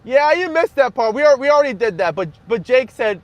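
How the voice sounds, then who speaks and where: Loud, high-voiced young male streamer. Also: big pitch swings, fairly quick, no echo, lo-fi sound. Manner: loud, half-yelling over background noise; crude joking, frequent laughter. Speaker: livestream host. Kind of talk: casual livestream chat with viewers.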